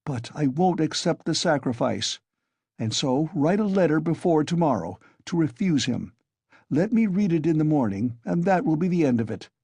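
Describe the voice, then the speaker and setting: A man voicing an agitated, feverish young man who insists irritably, in a husky, mellow voice. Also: a little high, expressive, normal speed, no room sound, voice pushed up. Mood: irritable.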